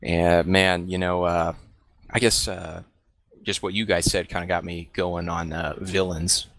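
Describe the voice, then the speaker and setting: A man's voice: deep voice, flat delivery, a little slow, fairly bright tone, a little hiss or hum. A man hosting a podcast in a laid-back chat, with many fillers and easy laughter. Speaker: podcast host. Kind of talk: casual chat.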